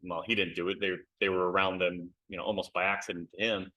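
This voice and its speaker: American guy, lowish bright voice, chatty and candid, lots of ums, video call interview. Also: flat delivery, quick pace, low-quality recording. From United States. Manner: candid, lots of fillers and repeated words. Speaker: author, interview guest. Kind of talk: casual interview chat.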